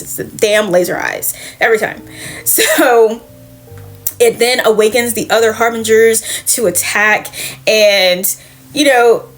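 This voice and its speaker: A woman casually retelling a comic book's story as a reviewer, chatty and profane, slipping into the characters' lines. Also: mid-range voice.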